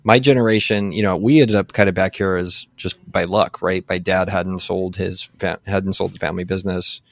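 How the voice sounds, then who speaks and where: A man's voice: low voice, steady tone, normal speed, vocal fry, dry recording, studio quality. A man in his late forties from San Antonio, talking casually as a guest, rambling with many fillers and restarts. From San Antonio, Texas. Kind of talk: casual conversation.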